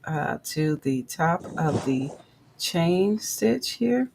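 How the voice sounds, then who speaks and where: Woman, gravelly voice, unhurried, crochet livestream host, counts stitches, chats with viewers, faint room hum. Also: sits low, animated, darkish tone, rough recording. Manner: chatty, reads and answers live chat.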